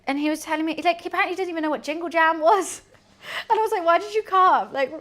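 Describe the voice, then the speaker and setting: High-pitched young girl streaming, rambling through a story, laughing a lot. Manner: animated storytelling, quick asides, laughs often. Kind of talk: casual chat to a stream audience.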